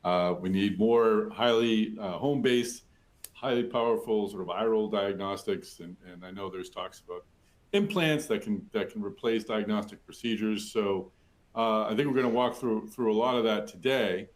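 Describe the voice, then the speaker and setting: A man's voice: fairly low pitch, moderate pace. A man hosting a virtual industry talk, chatty and self-deprecating, with many fillers. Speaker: webinar host.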